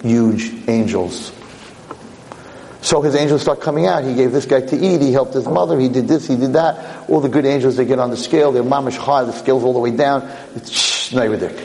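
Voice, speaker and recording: A man giving a theatrical sermon, telling a story with lively, shifting delivery in an echoey lecture hall. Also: medium pitch. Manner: animated, theatrical, shifting pace. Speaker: rabbi lecturer.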